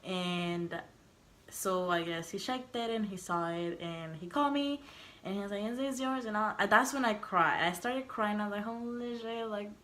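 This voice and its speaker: A woman's voice: mid-range voice, moderate pace. Young woman telling a story, laughing often. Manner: animated, laughing, swearing, acts out quotes. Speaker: vlogger. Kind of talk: casual storytime.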